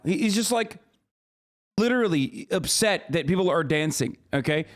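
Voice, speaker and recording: Incredulous mocking streamer, high-ish voice. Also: male voice, expressive, normal speed. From United States. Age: 30s. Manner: incredulous, mocking, loose and profane. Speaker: streamer reacting to a clip. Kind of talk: casual live-stream commentary.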